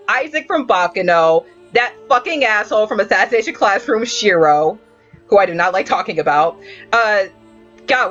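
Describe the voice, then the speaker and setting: A woman's voice: medium pitch, highs cut off. A woman hosting a casual anime review podcast, telling stories with a lot of swearing and laughter. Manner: animated storytelling, frequent swearing and laughter.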